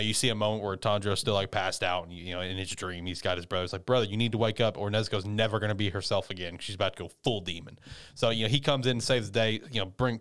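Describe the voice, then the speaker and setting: A man casually recapping an anime episode, rambling and swearing, who jumps into squeaky high voices when he acts out the characters. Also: a bit bright, clear, resonant tone.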